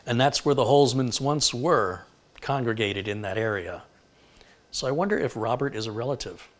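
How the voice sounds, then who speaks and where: A man of average pitch hosts a live tech stream, rattling off the towns and countries his viewers are watching from. He moves briskly down the list and stumbles now and then over an unfamiliar name. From Michigan. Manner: reads out place names briskly, stumbles over pronunciations. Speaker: tech livestream host. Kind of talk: live stream, reading viewer shout-outs.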